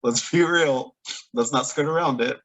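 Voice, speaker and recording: A man giving a casual, opinionated TV episode recap, animated and often laughing between points. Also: mid-range voice, normal speed, poor audio. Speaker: TV recap reviewer. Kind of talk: casual reaction review.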